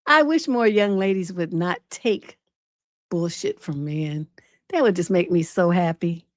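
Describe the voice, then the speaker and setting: A woman's voice: lowish voice, measured pace, no room sound, clean studio sound. A woman relationship coach hosting an unscripted advice livestream, telling stories bluntly and with plenty of profanity. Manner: blunt, profane, animated storytelling.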